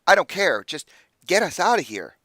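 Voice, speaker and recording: A man's voice: lowish voice, lively intonation, brisk, pushed and bright, no echo. A man voicing a frantic, foul-mouthed male captive who stammers in panic. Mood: frantic, angry.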